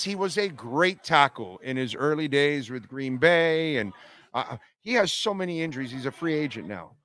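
A man's voice: fairly high pitch, sing-song, normal speed, a bit bright, no echo. Man, sports radio host, blunt, rambling, lots of fillers, dry close sound. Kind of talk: casual talk radio monologue. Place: casino venue, live broadcast.

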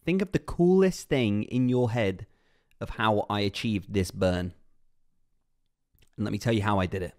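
A man's voice: fairly low pitch, moderate pace, pauses often, a little mellow. A man livestreaming a game in casual, upbeat chat, reading out viewer names and thanking donors.

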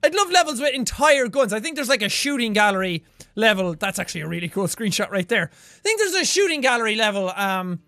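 A young Irish man giving energetic let's-play commentary, swearing constantly and yelping and cheering at the game. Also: high-pitched, a little fast, no echo, clean studio sound. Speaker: gaming YouTuber.

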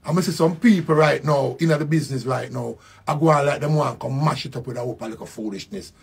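An older man with a Jamaican accent giving a slow, reflective spoken tribute, repeating his phrases. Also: medium pitch, gravelly, slightly rough. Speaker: musician.

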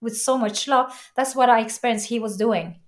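This woman, interviewed as a guest, has a slightly high voice. She relates a personal experience sincerely and emotionally, breaking off and beginning again at points.

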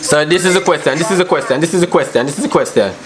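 A man's voice: a little high, very fast. Brash man. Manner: brash, teasing, slangy, repeats himself. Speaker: vlogger on a video chat app. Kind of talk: casual banter with strangers. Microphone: phone on a video call app. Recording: noisy phone recording.

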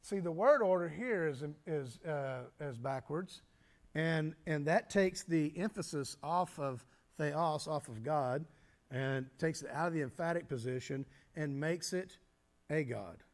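A male pastor with a fairly high voice gives a teaching sermon, explaining things step by step. He pauses often, using fillers and restarting his sentences.

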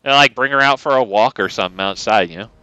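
A man streaming a card game who talks in loose, rambling commentary and swears freely as he goes. His voice is bright and clean, and his pitch rises and falls a lot. The close mic gives a dry, intimate sound. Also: quick pace, clear, resonant tone, no room sound. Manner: rambling and profane, frequent restarts. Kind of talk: casual gameplay commentary.

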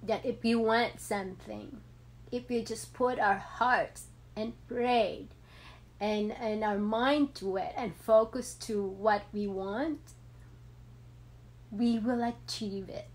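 Slow-talking woman, heartfelt vlog. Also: on the high side, fairly even intonation. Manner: heartfelt, with many fillers. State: emotional, near tears. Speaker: vlogger. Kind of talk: personal vlog.

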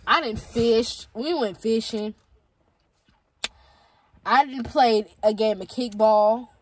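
A young woman filming a casual selfie vlog on her phone from inside a car, chatty and excitable, sometimes hollering. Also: on the high side, takes it slowly, slight background noise, rough recording. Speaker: vlogger. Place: inside a car on a road trip. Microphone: phone held at arm's length.

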